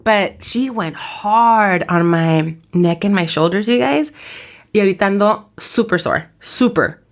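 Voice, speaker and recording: Mexican-American woman co-host, tired low voice, slangy animated storyteller. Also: unhurried. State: tired, voice deeper than usual. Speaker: podcast co-host. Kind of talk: casual chat mixing English and Spanish.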